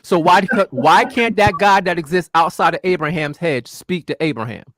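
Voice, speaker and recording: High-voiced man pressing with questions. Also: lively intonation, fairly bright tone, no echo, studio quality. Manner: challenging, presses with questions, slows down to stress words. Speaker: discussion participant. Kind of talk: heated casual debate.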